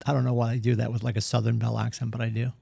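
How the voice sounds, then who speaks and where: A man's voice: mid-range voice, flat delivery, racing, gravelly, dark tone, breathy edge, no echo, studio quality. A man leading a real estate team's morning meeting, giving an earnest, punchy motivational talk and acting out the excuses people make. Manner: earnest, punchy, acts out quoted voices. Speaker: real estate team leader.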